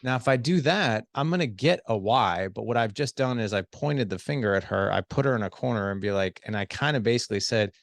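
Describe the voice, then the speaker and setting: A middle-aged man with a low, gravelly voice, talking as a podcast guest. He coaches in a lively, conversational way and slips into acted-out dialogue. The sound is close and dry, with no room around it. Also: fairly quick, hardly any pauses, dry recording. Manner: animated, acts out quoted dialogue. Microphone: studio headset.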